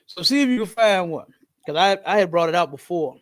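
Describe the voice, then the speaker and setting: A man hosting a podcast in casual, slangy talk, telling stories in an animated way. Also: high-pitched, moderate pace. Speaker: podcast host.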